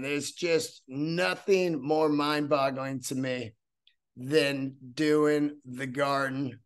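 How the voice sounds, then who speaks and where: A middle-aged man hosting his own podcast, telling a story in a casual, excitable, profane way with many restarts. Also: a little high. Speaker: podcast host. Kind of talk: casual solo podcast monologue.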